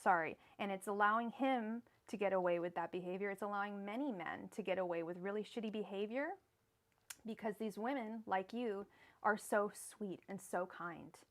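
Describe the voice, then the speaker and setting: A woman's voice: medium pitch, moderate pace. Woman ranting as a live tarot reader. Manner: murmurs repeated card invocations, then rants heatedly; casual, swears, calls viewers girl. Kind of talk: live-stream tarot reading.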